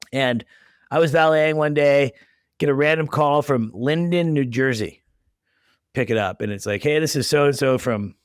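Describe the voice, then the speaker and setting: A man's voice: medium pitch, clean tone, no room sound, studio quality. A man in his thirties hosting a podcast, telling stories in a chatty way and acting out the quotes. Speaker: podcast host. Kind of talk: casual interview chat.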